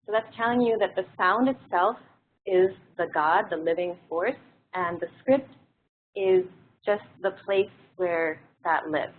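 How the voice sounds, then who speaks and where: A woman teaching a classroom lesson in a relaxed, explanatory way, pausing on frequent fillers. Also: fairly low pitch, a little hiss or hum. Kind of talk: classroom lecture. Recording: tinny phone-like audio.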